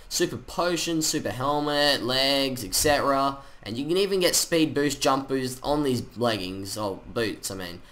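A man giving chatty, excitable commentary over his own gameplay, full of slang. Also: medium pitch. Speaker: gaming channel host.

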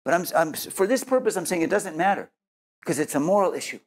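This earnest Messianic Jewish preacher speaks at a quick pace, his high voice animated. He repeats words as he gropes for his thought and finishes the sermon with a prayer.

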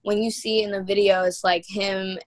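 A woman's voice: mid-range voice, little pitch movement, normal speed. A young woman from New York, a guest musician telling stories in a loose, slangy, laid-back way during a casual interview chat.

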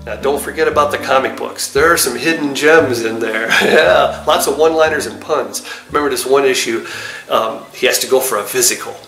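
A man's voice: mid-range voice, a little fast, vocal fry, fairly bright tone. Man, host, casual comic retelling, chatty, echoey, music behind. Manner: chatty storyteller acting out jokes.

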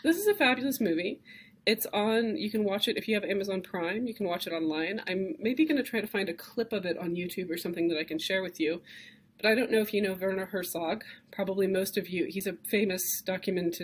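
A woman's voice: mid-range voice, brisk, slightly rough. A woman lecturing a class on cave art, speaking conversationally and enthusiastically with frequent fillers and restarts.

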